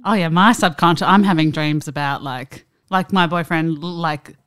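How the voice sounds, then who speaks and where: A young woman chatting casually on a podcast, her voice slightly low. She rambles through her anecdotes with lots of "like" and loose asides. The sound is close and dry. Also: fairly bright tone, smooth, dry recording. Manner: chatty, filler-heavy, quick retelling. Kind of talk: casual chat.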